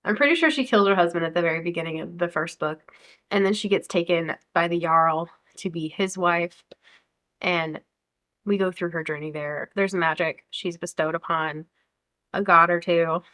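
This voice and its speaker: Speaking at a moderate pace with a fairly low pitch and fairly bright tone, this young book vlogger from the United States talks eagerly and at length about books on the way. It's a casual chat, with occasional blurbs read out loud.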